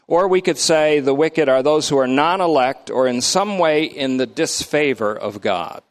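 An older man leading a Bible study in a lecture style, emphatic and slow to define each term, his pitch often swinging up and down. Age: middle-aged or older. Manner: emphatic, defines terms slowly word by word.

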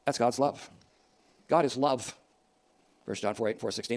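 A man preaching a sermon, swinging from loud emphatic declarations to soft, quiet asides. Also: mid-range voice, normal speed, long pauses. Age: older.

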